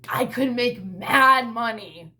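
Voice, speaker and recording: Speaking slowly in a slightly high, pushed and bright voice, a vlogger and mother rambles bluntly to her camera in a casual vlog. She swears often and fills her talk with "like" and "you know."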